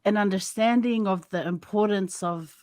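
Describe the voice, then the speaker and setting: A woman hosting a podcast interview over a call, asking halting, rambling questions. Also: medium pitch, darkish tone, no room sound. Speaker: podcast host. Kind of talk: casual interview. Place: remote call.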